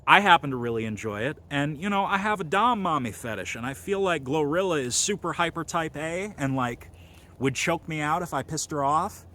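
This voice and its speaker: Bright-voiced rambling man, crude monologue. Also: on the high side, lively intonation, normal speed, slight background noise. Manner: rambling, crude, heavy on fillers. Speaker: comedy video host.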